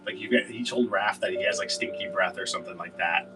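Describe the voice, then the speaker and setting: A low-pitched man talks fast while hosting a casual livestream as a seller, rambling, cursing, and using lots of fillers. He's recorded from a distance with background noise.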